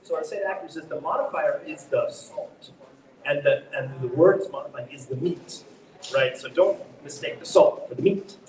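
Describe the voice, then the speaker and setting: A man's voice: on the high side, moderate pace, a little mellow. Middle-aged male theater director, guest on a live talk show; reflective, punchy on stressed words; distant mic, echoey hall. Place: underground market stage. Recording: echoey public space, distant mic, faint noise.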